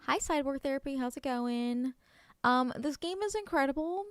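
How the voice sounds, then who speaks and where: A woman streamer chatting casually while she plays a video game, gushing over cute things and often dropping to a soft near-whisper. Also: high voice, expressive, moderate pace, no echo, studio quality. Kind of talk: casual let's-play chat.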